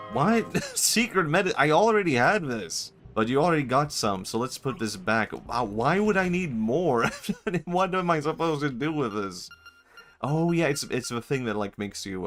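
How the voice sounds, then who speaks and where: A man's voice: medium pitch, gravelly, fairly bright tone. A man streaming a video game, chatting casually, joking, laughing often and dropping his own bits. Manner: rambling, jokey, laughs often, abandons bits. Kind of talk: casual gaming stream commentary.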